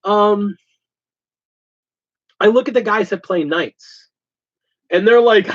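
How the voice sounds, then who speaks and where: A man hosting a casual hobby chat show, talking in an animated, ranting way. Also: high-pitched, slow, long pauses. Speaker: host. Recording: dull lo-fi sound.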